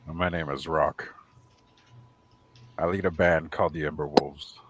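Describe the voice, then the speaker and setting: A man's voice: a bass voice, fairly even intonation, unhurried, heavy background noise. A man playing a character in a tabletop game, talking in character to the barkeep. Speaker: player.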